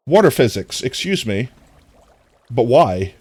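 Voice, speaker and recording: A man's voice: on the low side, expressive, measured pace, no room sound. A man streaming a game, chatting casually with his viewers, with a somewhat nasal voice. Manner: chatty, talks to viewers while playing. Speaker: livestreamer.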